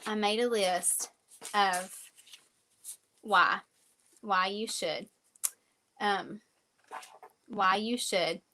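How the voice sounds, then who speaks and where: A woman's voice: mid-range voice, fairly bright tone. A woman giving an earnest, faith-filled motivational sales training talk, full of fillers and repeated phrases. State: emotional at times.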